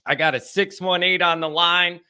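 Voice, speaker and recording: A man's voice: high-pitched, steady tone, moderate pace, sharp tone, clean tone. A man hosting a live sports call-in stream, talking casually in an emphatic, rambling way and repeating himself. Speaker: sports call-in show host.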